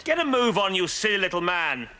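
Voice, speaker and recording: An actor playing a contemptuous, bullying posh gentleman who barks insults. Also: sits high, sing-song, brisk, clear, resonant tone, full character voice. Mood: sneering. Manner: contemptuous, barking. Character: sneering bullying posh male gent.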